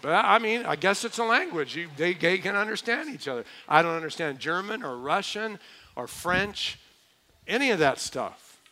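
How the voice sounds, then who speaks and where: Male pastor, middle-aged, fairly high and bright voice, chatty joking sermon delivery. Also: expressive, normal speed. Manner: conversational, joking asides with mimicked voices. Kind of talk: expository sermon.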